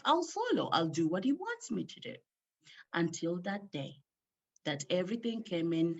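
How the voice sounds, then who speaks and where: A woman telling a personal story at an online rally, emotional and emphatic, slowing down to stress key words. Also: medium pitch, dull audio.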